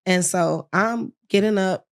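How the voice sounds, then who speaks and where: A young woman guest on a podcast, telling a frank, lively personal story in casual talk and acting out the people she quotes. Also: medium pitch, unhurried.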